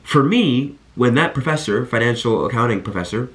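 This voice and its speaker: A man in his twenties talking to camera, giving earnest and animated college advice and telling stories straight to his viewers. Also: mid-range voice, normal speed. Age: 20s. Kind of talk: energetic talk to camera.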